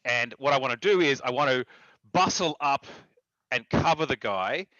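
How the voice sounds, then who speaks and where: A man at a tabletop game laying out what his character does, direct and plain-spoken. His voice is bright and dry, with a dull, lo-fi sound. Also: mid-range voice, normal speed, no room sound. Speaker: player. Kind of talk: casual tabletop play.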